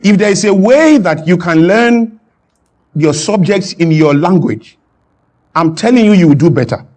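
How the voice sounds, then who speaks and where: Emphatic high-voiced man. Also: expressive, unhurried. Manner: emphatic, repeats lines for effect, rising to shouts. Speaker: guest speaker. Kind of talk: impassioned talk on a stage.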